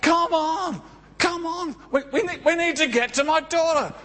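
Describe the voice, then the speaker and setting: A preacher putting on a frantic father who begs again and again to hurry, his voice lifted well above its usual pitch. He sounds anxious and full of regret. Each plea circles back on itself. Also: normal speed, pushed and bright, big-room sound. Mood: urgent. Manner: pleading, anxious repetition. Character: desperate grieving father, middle-aged man.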